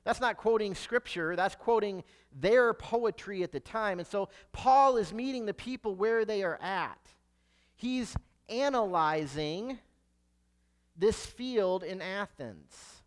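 A high-voiced man preaching a sermon, reading scripture aloud and then explaining it. His delivery is earnest and explanatory, with a storytelling flow. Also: lively intonation, slow.

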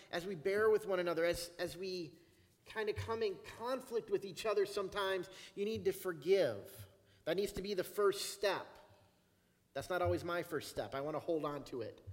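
High-voiced pastor preaching in a reverberant hall. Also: male voice. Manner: conversational preaching, slowing down to stress key phrases. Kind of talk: sermon. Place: church sanctuary. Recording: long reverb of a church hall.

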